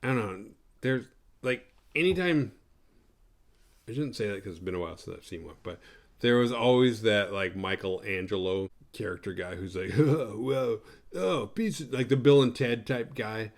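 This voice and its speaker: A man's voice: on the low side, expressive, moderate pace. A man hosting a horror movie review show, recapping the plot in a rambling, profane, sarcastic way.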